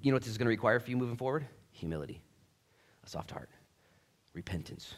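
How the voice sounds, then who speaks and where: A man preaching a sermon with casual slang, swinging between loud bursts and hushed, earnest stretches. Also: medium pitch, expressive, quick pace. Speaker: pastor.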